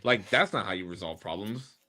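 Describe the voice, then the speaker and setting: A man's voice: lowish voice, lively intonation, fairly quick, pushed and bright. A young man co-hosting a podcast, reflective and blunt, swearing casually in chat. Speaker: podcast co-host.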